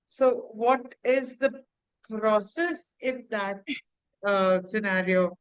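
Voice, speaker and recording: A woman's voice: medium pitch, slow pace, smooth, no room sound, low-quality recording. A woman host interviewing a guest, asking questions politely with many hesitations. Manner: hesitant, full of uh fillers, polite. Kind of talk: online interview.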